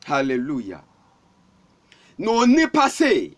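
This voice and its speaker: A man's voice: very high-pitched, sing-song, unhurried, fairly bright tone. A male pastor with a Ghanaian accent preaching a fervent sermon, repeating phrases and calling out to the congregation.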